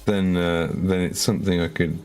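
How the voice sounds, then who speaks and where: A man's voice: low voice, little pitch movement, moderate pace, a little mellow, faint music behind. A man painting miniatures live on stream, chatting casually with his viewers in a rambling, self-mocking way with stammered repeats.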